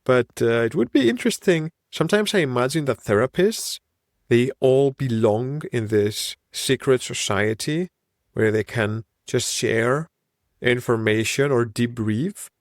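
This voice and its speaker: A man's voice: mid-range voice, measured pace, no echo, studio quality. A man in his thirties with a Greek accent, hosting a solo podcast in a reflective, wandering way. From Greece. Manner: reflective, musing, wandering train of thought. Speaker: podcast host.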